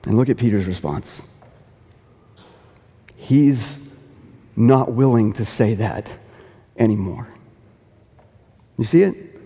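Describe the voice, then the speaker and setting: A man's voice: fairly low pitch, a little slow, pauses often, dark tone, husky, long reverb tail. A man preaching a sermon as pastor, earnest, repeating phrases for emphasis and lifting into quoted dialogue.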